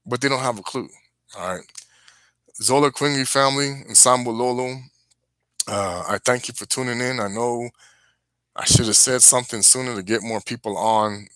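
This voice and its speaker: A man's voice: mid-range voice, pushed and bright, no echo. A man hosting a religious live stream, preaching casually and earnestly to his viewers with warnings.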